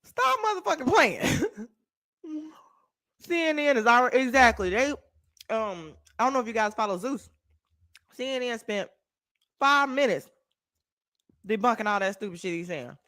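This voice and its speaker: Animated, salty-mouthed woman from Texas. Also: fairly high pitch, normal speed, pauses often, no room sound, clean studio sound. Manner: animated, profane, reacts to viewer comments. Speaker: livestreamer and podcaster. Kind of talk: casual livestream chat.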